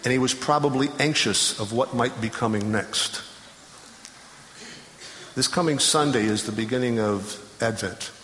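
A middle-aged man preaches in a folksy, storytelling way and often restarts his phrases. His voice sits at an ordinary pitch. It rings through a large chapel with a long reverb tail over a faint room hum. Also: measured pace, a bit bright. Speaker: chapel speaker. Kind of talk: sermon.

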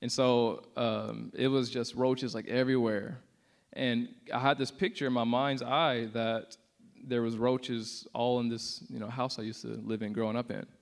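A man's voice: medium pitch, flat delivery, moderate pace, gravelly. A young man giving a casual, earnest testimony to a church audience, with many fillers. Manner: casual and earnest, many "like" fillers, acts out quotes with rising intensity. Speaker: speaker sharing a testimony.

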